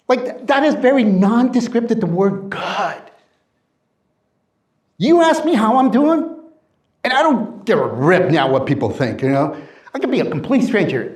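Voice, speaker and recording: A middle-aged man gives a motivational talk in a high, lively voice that swings up and down a lot. He speaks with energy and acts out the people he quotes in playful voices. The sound is roomy and echoey. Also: normal speed. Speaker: career coach and speaker.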